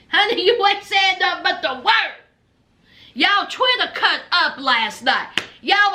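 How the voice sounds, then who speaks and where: A woman's voice: very high voice, sharp tone. A woman, recapping a reality show in a blunt, sassy way to her viewers. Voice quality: thick accent. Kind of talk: casual recap vlog.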